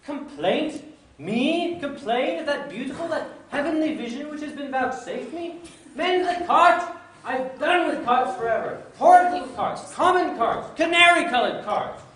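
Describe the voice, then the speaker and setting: A stage actor playing a boastful, excitable male toad who is mad about motoring, with theatrical, gushing exclamations, recorded from a distance on a stage. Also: sits high, normal speed. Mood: indignant. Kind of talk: stage play performance. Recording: distant echoey stage recording with faint hiss.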